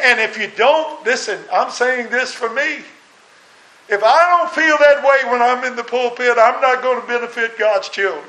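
A man's voice: high-pitched, bright, forceful tone. A man, preaching a sermon in a folksy, earnest way and chuckling now and then. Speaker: pastor. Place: church sanctuary. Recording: echoey church room.

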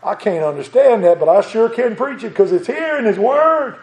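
A male preacher with a drawl and a high, light voice delivers a sermon in an echoing sanctuary. He moves from tender and reflective to fervent and rousing, chuckling now and then. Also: animated, moderate pace, a little mellow.

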